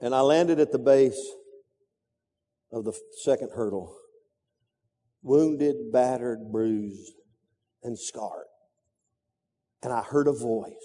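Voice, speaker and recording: A man's voice: mid-range voice, slow, pauses often, warm tone. A man preaching a sermon, telling a story dramatically with sound effects and repetition. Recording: reverberant hall.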